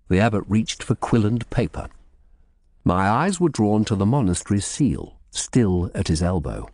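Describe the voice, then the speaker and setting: A man narrating an audiobook in the first person, in a measured storytelling manner. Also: lowish voice, wildly swooping pitch, darkish tone, no echo, clean studio sound.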